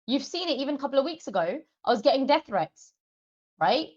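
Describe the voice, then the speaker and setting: A woman on a livestream, furious and swearing hard as she talks straight at her viewers. Her voice sits a little high, and the stream audio is slightly dull and lo-fi. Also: expressive, a little fast. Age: adult parent of two. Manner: furious, heavily profane, addresses viewers directly. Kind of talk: angry livestream rant.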